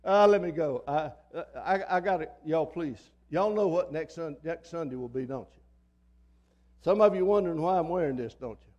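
An older man preaching from the pulpit of a church, his voice sitting high for a man. He is fiery and folksy and hammers his points home by repeating them. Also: a little mellow, muffled recording. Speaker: pastor. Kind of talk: sermon. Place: church sanctuary.

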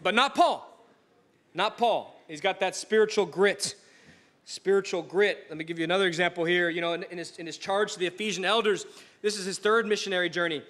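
A man preaching a sermon in a church, telling stories in a casual, animated way with frequent restarts. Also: sits high, a little fast. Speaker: pastor.

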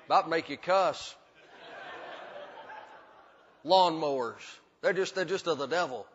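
A man's voice: on the high side, brisk. A male pastor, preaching a sermon in a folksy, emphatic way, with repetition and humor. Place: church sanctuary. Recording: dull hall recording with long reverb.

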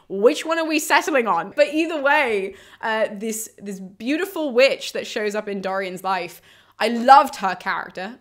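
A woman's voice: mid-range voice, a bit bright. A young woman, chatting casually and enthusiastically about a book series, full of asides and strong opinions. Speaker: book reviewer. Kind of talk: casual chat.

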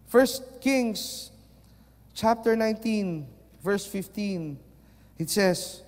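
A man preaching a sermon, mixing Tagalog into English and moving between loud and soft. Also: high-pitched, drawn-out words, pauses often. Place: church. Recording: long reverb of a large hall.

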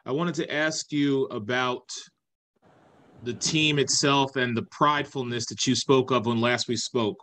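A man's voice: medium pitch, fairly even intonation, unhurried, fairly bright tone. A man asking a coach questions as a reporter, polite and formal. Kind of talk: press conference question.

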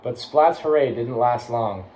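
A young man reading a children's picture book aloud to schoolchildren, lively, with quick voices for the characters. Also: medium pitch, rough recording. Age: young adult. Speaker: college athlete reading aloud.

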